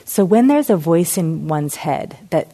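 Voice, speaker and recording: Low-voiced woman teaching mindfulness. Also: animated, a little slow. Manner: reflective and gently explanatory. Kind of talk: teaching talk with a parable.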